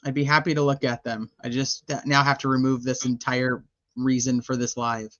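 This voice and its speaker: A middle-aged woman with a bright, forceful voice chats loosely on a live stream, swearing and laughing as she goes. The sound is dry and a little dull, like a home mic. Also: very deep voice, little pitch movement, moderate pace, no room sound. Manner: swears freely, laughs often, scattered. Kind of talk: casual live chat.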